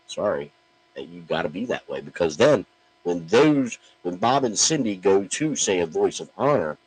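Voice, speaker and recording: In a low-pitched, sing-song, slightly rough voice at normal speed, this middle-aged man delivers a brash, profane wrestling promo rant straight to camera. He frequently stumbles over the opening words of sentences, and the recording quality is low.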